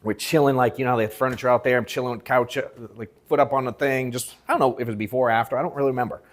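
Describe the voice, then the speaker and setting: A sales coach speaking to a workshop crowd in person holds forth in a racing, mid-range voice. His casual story is slangy and laced with swearing, and he acts out people's words with animated quotes, all in the event room.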